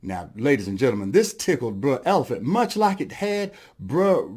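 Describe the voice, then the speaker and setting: A man telling a folktale as a storyteller, lively and addressing the audience, adding sound effects as he goes. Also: medium pitch, moderate pace, slightly rough.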